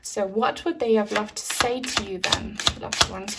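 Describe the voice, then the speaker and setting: A woman's voice: mid-range voice, unhurried, few pauses, very noisy. A young woman giving a pick-a-card tarot reading to camera, chatty and filled with ums, addressing viewers as guys. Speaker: tarot reader.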